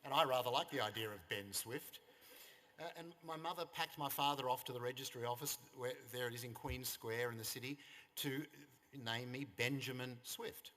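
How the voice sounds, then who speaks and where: An Australian man in his fifties delivers a funeral eulogy in an easy, storytelling way, with a wry humour running through his anecdotes. His voice sits at an ordinary middle pitch. A long reverb of a service hall trails after his words. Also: moderate pace, bright, forceful tone. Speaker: son giving a eulogy.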